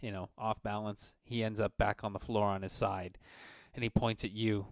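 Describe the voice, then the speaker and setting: A man narrating a tabletop game as game master, relaxed, with restarts and chuckles. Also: on the low side, moderate pace, no echo, clean studio sound.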